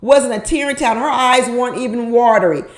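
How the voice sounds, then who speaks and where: A woman with a slightly high voice gives her frank take on a reality show in a casual, conversational way. She drives home each point by repeating it and often turns to the listener with rhetorical questions. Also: a little fast. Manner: emphatic, repeats points for effect; opinionated, asks the viewer rhetorical questions. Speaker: reality TV commentator. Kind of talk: casual reaction commentary.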